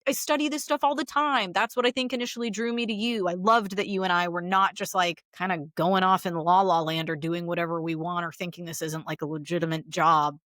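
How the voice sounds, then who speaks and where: A woman therapist co-hosting a podcast in casual chat, telling stories in an animated, expressive way and acting out quotes. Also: fairly low pitch, fairly quick, hardly any pauses, no echo, studio quality. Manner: animated, expressive storyteller who acts out quotes.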